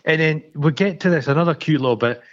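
A man's voice: fairly high pitch, quick pace, a little hiss or hum. Sweary Scottish man on a lo-fi mic. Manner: sweary, animated storytelling. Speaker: podcast co-host. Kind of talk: casual film chat. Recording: dull lo-fi sound.

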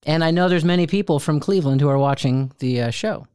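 Middle-aged male co-host, animated storyteller, dry close-miked voice. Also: fairly high pitch, quick pace, smooth, no room sound. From Ohio, USA. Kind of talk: casual chat.

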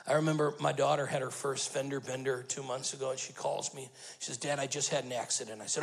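A man, the lead pastor, preaching a sermon, telling stories and building to loud emphatic bursts. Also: medium pitch, steady tone, brisk, gravelly, poor audio.

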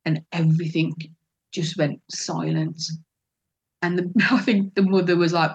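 A woman's voice: fairly low pitch, unhurried, gravelly, breathy edge, muffled recording. A middle-aged woman telling an emotional personal story in an interview, acting out what others said and laughing often. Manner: animated, acts out quoted voices, laughs often. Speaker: interview guest telling her adoption story.

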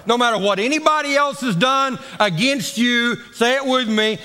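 A man's voice: very high voice, normal speed, hardly any pauses, pushed and bright, smooth, big-room sound. A man preaching a sermon, leading call-and-response and drawing out his phrases for drama. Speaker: pastor.

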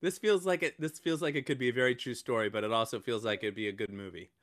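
A man's voice: medium pitch, steady tone, fast talker, fairly bright tone, no echo, studio quality. A man co-hosting a casual podcast, joking and rambling, often stumbling over his words. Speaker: podcast co-host.

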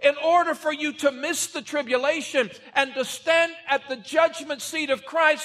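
A male pastor delivering a Sunday morning sermon, reading scripture aloud and driving his points home, shouting out key words. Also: very high-pitched. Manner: slow, emphatic preaching that rises to shouts on key words; reads scripture aloud in old-fashioned wording.

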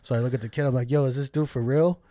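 Man, from D.C., comedian guest, podcast storytelling, profane, animated, mid pitch, dry close sound. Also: rapid-fire, dry recording. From Washington, D.C. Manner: profane, animated, acts out people in the story with a raised voice.

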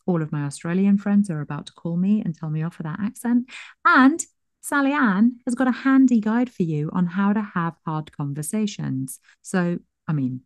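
Woman podcast host, effusive and chatty, low-pitched, dry close sound. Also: no room sound. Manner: warm, gushing, chatty, self-deprecating. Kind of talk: casual chat and show outro.

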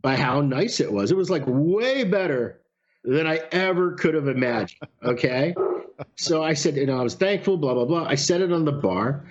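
A man telling a story in casual chat, animated, with some swearing. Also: a little high, normal speed. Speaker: podcast guest. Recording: lo-fi sound.

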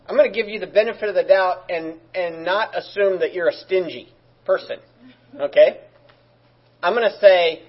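A male pastor delivers a sermon in a relaxed, conversational manner and drops in joking asides. His voice sits a little high and has a husky edge. The recording sounds somewhat dull and lo-fi. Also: moderate pace.

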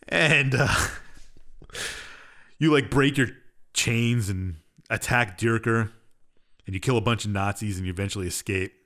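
This podcast co-host speaks slowly in a fairly bright, low-leaning voice, leaving long pauses. He retells a game's story in an offhand, rambling way, full of fillers and shrugging asides.

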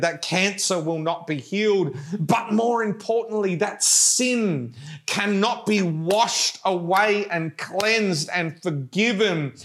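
A male pastor preaching a sermon with passion, at times dropping to a hushed, pleading prayer. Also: high-pitched.

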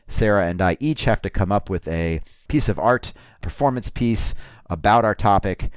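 A man co-hosting a comedy podcast, introducing segments in a mock-formal, deadpan way. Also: fairly low pitch, moderate pace, clear, resonant tone, no echo. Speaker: podcast co-host.

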